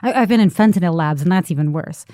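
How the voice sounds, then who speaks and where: A middle-aged woman journalist telling an animated story on a talk show, full of restarts and fillers. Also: on the low side, quick pace, dry recording, studio quality. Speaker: investigative journalist guest.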